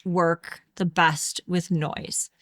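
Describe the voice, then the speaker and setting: A woman co-hosting a podcast about home daycare, chatting in an animated way and sometimes mimicking kids' voices. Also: fairly low pitch, drawn-out words, no echo, studio quality. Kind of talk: casual chat.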